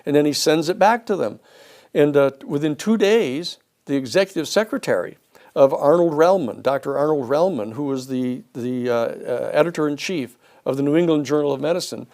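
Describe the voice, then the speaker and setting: A man giving a storytelling lecture, an animated speaker who acts out the people he quotes. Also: on the high side, normal speed.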